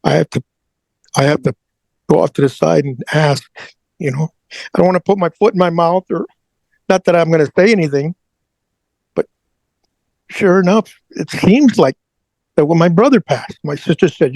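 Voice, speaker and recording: A middle-aged man with a gravelly, husky voice that sits a little high for a man. He tells an emotional personal story haltingly, stumbling over and repeating words. The sound is close and dry. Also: a little mellow, no room sound, rough recording. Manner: halting, repeats words, prays aloud in retelling. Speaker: interview guest.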